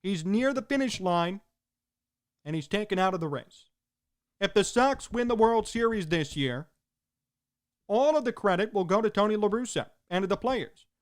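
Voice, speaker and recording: A man's voice: sits high, animated, normal speed, pauses often. A man hosting a sports talk show, delivering an emphatic opinion monologue in punchy, repeated short sentences.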